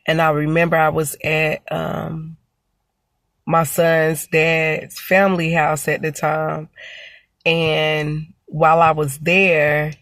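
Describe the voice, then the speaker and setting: A mother and vlogger in her thirties tells her camera a personal story, reflective and peppered with "you know" and "um." Her voice sits low with vocal fry, and there's no room sound.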